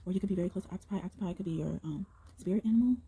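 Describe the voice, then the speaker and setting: A young woman giving a casual tarot reading to her viewers, excited and rambling, often breaking into exclamations and slang. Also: lowish voice, very fast, slightly rough, low-quality recording. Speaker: tarot reader.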